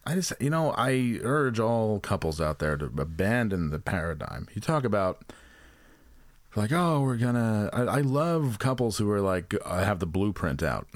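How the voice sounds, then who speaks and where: Male co-host, low voice, dry close sound, profane rambling comic storyteller. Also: big pitch swings, moderate pace, no room sound. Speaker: podcast co-host. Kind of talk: casual comedic chat.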